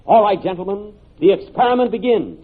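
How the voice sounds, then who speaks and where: High, flustered man on scratchy old radio. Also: expressive, brisk. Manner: flustered, pompous and exasperated. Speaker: comedy show host playing Professor Bell. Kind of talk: 1930s radio comedy acting. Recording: tinny noisy old radio broadcast.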